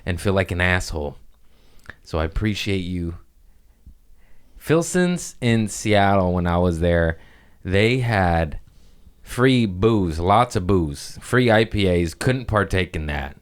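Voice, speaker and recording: A man's voice: low-pitched, takes it slowly, smooth. A man hosting a casual comedy podcast, rambling and swearing as he riffs from topic to topic. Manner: rambling, profane, animated riffing. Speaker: podcast host.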